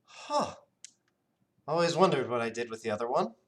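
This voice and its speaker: A man's voice: medium pitch, very animated, normal speed, voice pushed up, natural voice. A man voicing a boastful, forgetful blue-skinned genasi man who rambles through guesses. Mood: breezy.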